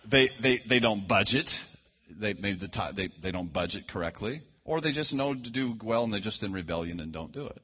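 A man's voice: fairly low pitch, animated, a little fast, husky. A man preaching a sermon, telling a personal story in a folksy, conversational way full of asides and restarts. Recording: dull lo-fi sound.

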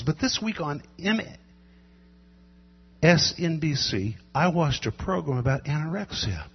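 Preacher man with husky voice in echoing hall. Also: a little high. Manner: builds to loud emphatic shouting, drawn-out words. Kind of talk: sermon. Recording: lo-fi echoing hall with mains hum.

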